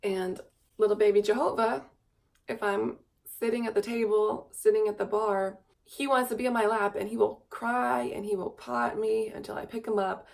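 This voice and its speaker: A woman's voice: steady tone, moderate pace, gravelly, a little mellow. A young woman in her twenties, tired, talking in a rambling, wistful confessional vlog to a camera mic. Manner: rambling and wistful, coos in a high baby voice. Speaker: vlogger.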